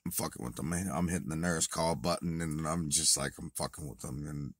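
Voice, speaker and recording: A deep-voiced man with a husky edge tells a rambling story straight to camera, swearing freely. He drops to a mutter, then bursts out loud. The sound is dry and close. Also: brisk, dry recording. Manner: profane, animated retelling, swings from muttered to shouted. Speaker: vlogger. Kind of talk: casual storytelling monologue.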